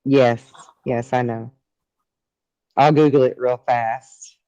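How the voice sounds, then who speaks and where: A woman's voice: rumbling low, fairly even intonation, slow, mellow, no room sound, highs cut off. Earnest Southern-accented woman from Arkansas. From Arkansas, USA. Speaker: podcast co-host. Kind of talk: casual chat.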